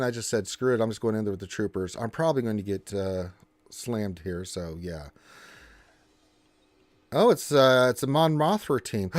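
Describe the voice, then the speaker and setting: Excitable man hosting a gaming livestream. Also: mid-range voice, no room sound. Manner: excitable, chatty, talks to himself while playing. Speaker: livestream host. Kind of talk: casual livestream chat while gaming.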